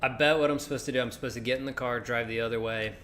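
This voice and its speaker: Racing through casual let's-play commentary, this gaming streamer speaks at medium pitch with fairly even intonation and a slightly bright, somewhat sore voice. He jokes and thinks aloud over a faint hiss or hum.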